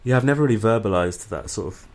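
A man from Brighton, England, a musician being interviewed, talking in a relaxed, dry, self-deprecating way. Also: lowish voice, fast talker. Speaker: musician guest. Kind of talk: casual interview chat.

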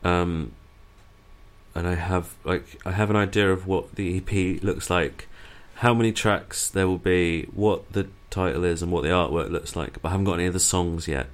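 Low-voiced dry young musician. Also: male voice, steady tone, normal speed. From Brighton, England. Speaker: musician guest. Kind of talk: casual interview chat.

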